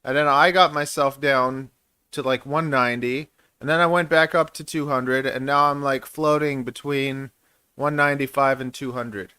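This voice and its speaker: A man's voice: medium pitch, steady tone, normal speed, sharp tone, clear, resonant tone, no echo. Man, thirties, stream host, rambling and jokey, mid-range voice, dry close sound. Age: 30s. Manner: rambling and jokey, laughs often. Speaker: channel host. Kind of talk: casual live-stream chat.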